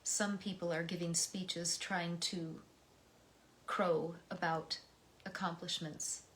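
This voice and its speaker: Slow, soft-spoken American woman. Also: on the low side, flat delivery, a little hiss or hum. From United States. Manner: slow, soft-spoken, often dropping to a whisper. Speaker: host reading poems. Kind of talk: reflective poetry reading.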